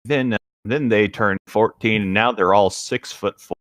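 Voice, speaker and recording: Low-voiced, wry man joking around. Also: fairly even intonation, moderate pace, a bit bright, no echo, clean studio sound. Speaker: podcast co-host. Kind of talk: casual chat.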